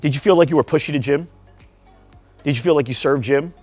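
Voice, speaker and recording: A man's voice: on the high side, a little fast, a little mellow, no room sound, soft background music. A man speaking at a live workshop, firing rhetorical questions and drilling the audience in a punchy, repetitive way. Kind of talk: live seminar talk to an audience. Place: event room before a live audience.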